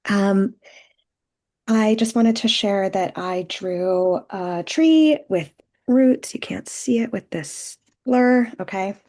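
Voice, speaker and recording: A woman's voice: mid-range voice, takes it slowly, mellow. A woman participant on a video call, reflecting aloud in a searching way with many fillers. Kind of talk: sharing in a virtual group call.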